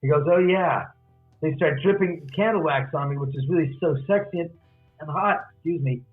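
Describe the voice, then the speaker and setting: Husky man telling a story over a phone line. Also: a little high, brisk, soft background music. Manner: acts out quoted dialogue. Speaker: guest author. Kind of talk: animated storytelling. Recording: tinny phone-line audio.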